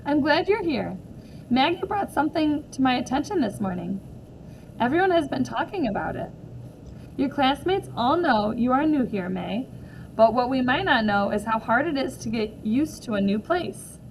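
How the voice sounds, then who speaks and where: A woman voicing a kind female schoolteacher who speaks gently and reassuringly. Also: high-pitched, expressive, moderate pace, slight background noise, poor audio. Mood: encouraging.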